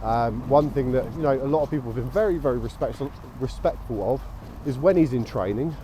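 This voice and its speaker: A man's voice: mid-range voice, fairly quick, dark tone. An English man vlogging casually while walking his dog, chatty and matter-of-fact. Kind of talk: casual walking vlog narration. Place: outdoors, park, canal path and high street. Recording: outdoor street noise behind.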